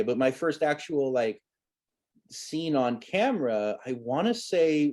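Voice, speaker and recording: A man's voice: medium pitch, a little mellow. A man in his thirties, a guest telling stories from his childhood acting days in a rambling, amused way with many restarts. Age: 30s. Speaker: guest, former child actor. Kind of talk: casual storytelling interview.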